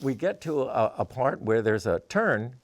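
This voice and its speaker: Animated storytelling man with lively pitch. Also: a little slow, dry recording. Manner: animated, acts out voices in his stories. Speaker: guest musician. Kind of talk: storytelling in an interview.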